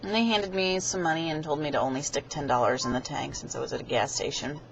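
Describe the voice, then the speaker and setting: A woman's voice: deep voice, fast talker, vocal fry, a little hiss or hum. A young woman vlogging, telling a rambling story to her webcam and acting out the voices of the people in it. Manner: chatty, rambling, acts out quoted voices. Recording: dull lo-fi webcam audio.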